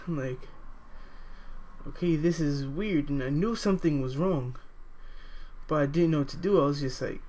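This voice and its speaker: A young man telling a personal story in a halting, hesitant way, full of fillers, now and then jumping to a higher voice to quote people. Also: a little mellow, slight background noise. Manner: acts out quoted voices with sudden high pitch.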